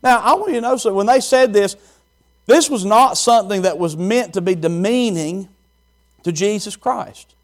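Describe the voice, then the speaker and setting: A man preaching a folksy, animated sermon and quizzing the congregation. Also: high voice, moderate pace. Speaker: pastor.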